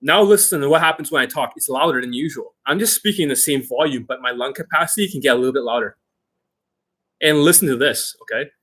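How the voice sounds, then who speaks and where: A man's voice: medium pitch, fast, a bit bright. A man hosting an unscripted coaching Q&A, talking in a blunt, aggressive and profane way. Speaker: dating coach host.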